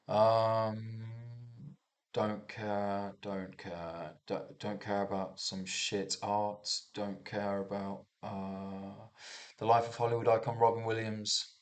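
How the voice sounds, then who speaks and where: A young man casually rambling through commentary on news headlines, swearing and restarting often. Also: fairly low pitch. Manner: restarts a lot, swears, muses aloud. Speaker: vlogger reviewing news.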